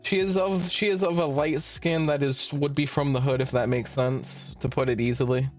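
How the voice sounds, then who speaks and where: A man's voice: medium pitch, steady tone, normal speed, a little mellow, soft background music. A young man streaming from home, telling a long work story as a casual rant, rambling and swearing as he backtracks. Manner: rambling, profane, self-interrupting.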